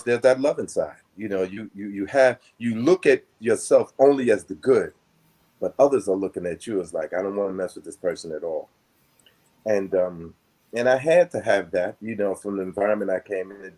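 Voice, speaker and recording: Older man, low voice, husky, rambling reflective storyteller, casual chat. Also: a little mellow. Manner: rambling, reflective, with many fillers. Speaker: guest.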